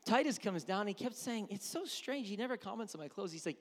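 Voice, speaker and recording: A middle-aged male pastor preaching a sermon in a church, animated and acting out voices, swinging from loud to hushed. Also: high voice, fairly quick. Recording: reverberant hall.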